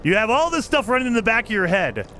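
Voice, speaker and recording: Guy streaming a game and chatting with chat, laughs a lot, bit high voice that bounces around, faint hiss behind. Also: big pitch swings, fast, pushed and bright. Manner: chatty, laughs often, talks to chat while playing. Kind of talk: casual live-stream chat.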